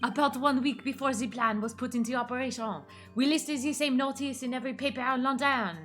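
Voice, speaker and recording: Woman doing a smug French swindler, bright and theatrical. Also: sits high, fairly even intonation, faint music behind. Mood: boastful. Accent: put-on French. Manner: theatrical, drawn-out, self-satisfied. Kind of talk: reading game dialogue aloud on stream.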